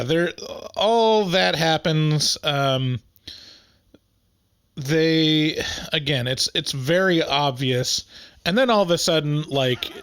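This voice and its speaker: A man with a somewhat high voice co-hosts a podcast in loose, casual chat. He laughs easily and searches for words with many fillers and pauses. His voice is close and dry, with no room echo. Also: a bit bright. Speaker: podcast co-host.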